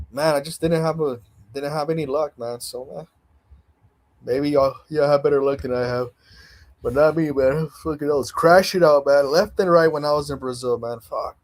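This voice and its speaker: A young man hosting a casual video-call chat, easygoing and loose, tossing in "man" and "bro" constantly. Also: a little high. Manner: laid-back, peppers talk with "man" and "bro". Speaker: host.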